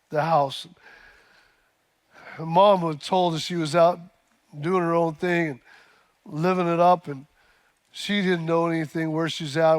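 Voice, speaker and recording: A man preaching a sermon as pastor, telling a story with fillers and repeated words before building to emphatic peaks. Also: fairly high pitch.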